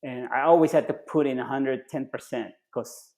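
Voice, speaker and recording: A man guest on a podcast, a retired Navy SEAL and triathlete, telling stories casually with loose phrasing and lively acted-out quotes. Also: normal speed. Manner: animated, acts out quoted voices with jumps in pitch; loose phrasing with frequent restarts and fillers. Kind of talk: casual storytelling in conversation.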